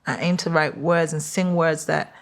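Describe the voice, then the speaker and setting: Woman, London accent, forties, casual podcast chat, lively and laughing. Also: moderate pace. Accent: London English. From London, England. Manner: animated, laughs often, quotes people in high voices. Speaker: guest singer.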